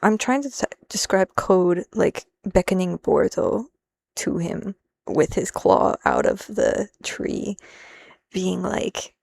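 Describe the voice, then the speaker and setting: Gravelly-voiced woman thinking aloud. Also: lowish voice, very animated, slow pace, a little mellow, no room sound. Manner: thinks aloud, mixes Japanese and English, laughs often. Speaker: streamer translating lines. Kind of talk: casual live-stream chat.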